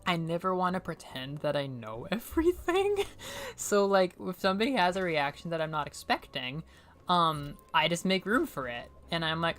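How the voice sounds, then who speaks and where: A woman's voice: fairly low pitch, very animated, moderate pace, fairly bright tone. A young woman from New England, casually chatting and rambling with lots of fillers and laughter while streaming a game. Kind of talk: casual gameplay commentary.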